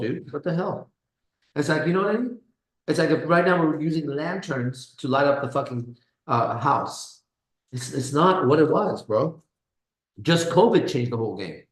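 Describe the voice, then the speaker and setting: A man hosting a casual live stream, boastful and profane, with his voice swinging between low mutters and loud bursts. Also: roomy sound, low-quality recording. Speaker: pickup coach host. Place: kitchen.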